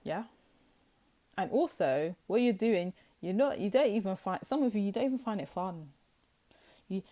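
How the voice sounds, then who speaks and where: A woman's voice: on the low side, dark tone. A young woman giving a casual tarot reading to camera, blunt and teasing, with lots of filler words. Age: young adult. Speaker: tarot reader.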